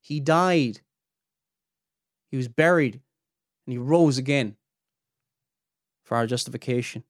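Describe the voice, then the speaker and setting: A man's voice: medium pitch, takes it slowly, pauses often, dry recording, studio quality. A man hosting a podcast, teaching on theology in an earnest, emphatic way that climbs sharply when he presses a point. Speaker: podcast host and Bible teacher.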